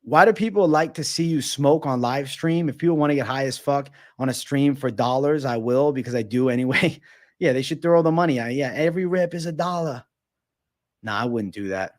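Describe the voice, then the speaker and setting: Brief male streamer, relaxed profane chat reading, answers trail off quietly. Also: medium pitch, brisk. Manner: reads chat aloud and answers in a loose, profane, joking way. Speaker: livestream host answering viewer questions. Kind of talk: casual livestream Q&A.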